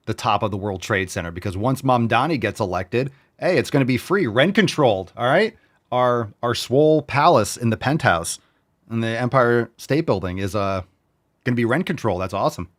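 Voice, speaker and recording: A man in his forties from New York hosting a fitness show, reading viewer meals aloud in a loud, brash, profane, riffing way. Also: mid-range voice, expressive, moderate pace. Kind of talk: casual chat reading viewer posts.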